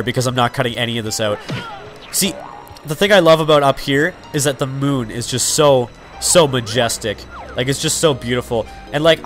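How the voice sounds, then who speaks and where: A man's voice: mid-range voice, fairly bright tone. A man in his twenties giving casual, rambling commentary over a video game, full of fillers and side thoughts. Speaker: let's player.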